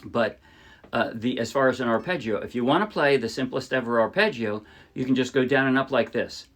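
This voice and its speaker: A man's voice: mid-range voice, a little fast, a bit bright, soft background music. A man teaching ukulele in a casual tutorial, explaining in a chatty, friendly way and often correcting himself mid-sentence. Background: his own ukulele playing.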